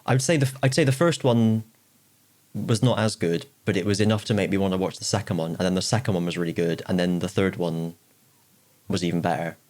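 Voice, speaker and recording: Guy, kinda low voice, laid-back podcast chat, laughs a bunch. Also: fairly even intonation, fairly quick, a little mellow. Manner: laughs often, retells comedy scenes with put-on voices. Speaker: podcast co-host. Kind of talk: casual chat.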